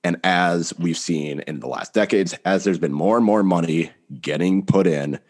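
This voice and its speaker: A man's voice: deep voice, normal speed. A man with a blunt, casual manner, swearing freely while chatting about soccer on a podcast. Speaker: podcast panelist.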